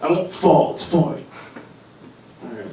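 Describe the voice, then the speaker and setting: A man's voice: a little high, lively intonation, takes it slowly, warm tone, a little hiss or hum. A man doing a rambling, self-deprecating stand-up set, stumbling and restarting as he goes. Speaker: stand-up comedian. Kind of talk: open-mic stand-up set. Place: comedy club stage. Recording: echoey club sound from far off.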